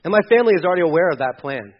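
Middle-aged male pastor, high voice, humorous conversational sermon, muffled lo-fi sound. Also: rapid-fire. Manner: animated, conversational preaching with humor.

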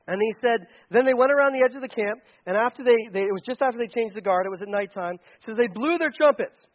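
A man preaching a sermon, telling a story in a lively, animated way and acting out the quotes. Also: very high-pitched, quick pace, hardly any pauses, dull audio. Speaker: pastor.

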